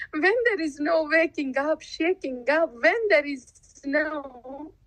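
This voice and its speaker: Woman spiritual teacher, high voice, unhurried devotional talk with frequent laughs. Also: a bit bright, dry recording, poor audio. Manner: laughs often, acts out listeners' replies; unhurried, asks rhetorical questions.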